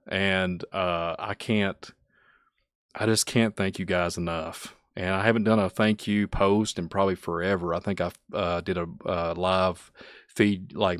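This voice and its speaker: A man with a Kentucky accent, hosting his channel and chatting casually, rambling and chuckling often, turning soft and emotional. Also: on the low side, no room sound, studio quality. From Kentucky, USA. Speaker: channel host. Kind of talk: casual thank-you vlog chat.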